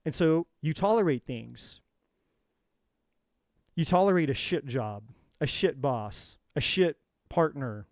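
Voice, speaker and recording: A man's voice: on the high side, animated, slow, pauses often, no echo, clean studio sound. Intense, profane man preaching self-worth. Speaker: tarot reader. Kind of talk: motivational monologue.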